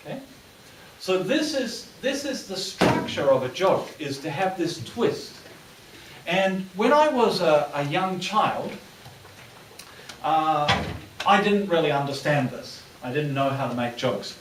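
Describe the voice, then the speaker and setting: A man from New Zealand tells jokes to a lecture audience, lively and animated, acting out the characters' lines. His voice sits a little higher than most men's. The sound is roomy and distant, with a faint hiss under it. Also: unhurried. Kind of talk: storytelling in a lecture. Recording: echoey room, distant mic, faint hiss.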